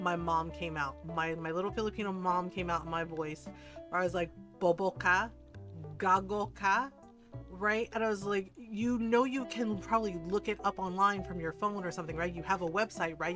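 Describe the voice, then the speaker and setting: A woman streamer chatting casually on a gaming livestream, telling stories with lots of swearing and acting out what other people said. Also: mid-range voice. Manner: animated storyteller, swears freely, acts out what people said.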